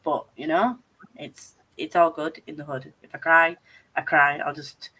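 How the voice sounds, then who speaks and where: A woman's voice: deep voice, steady tone, unhurried, pushed and bright, slightly rough. A young adult woman hosting a casual chat, rambling along and swearing freely. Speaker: host.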